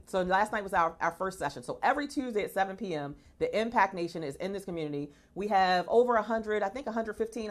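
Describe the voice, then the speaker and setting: Brief: woman host, mid pitch, emphatic motivational talk. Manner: emphatic, preachy, hypes up her audience.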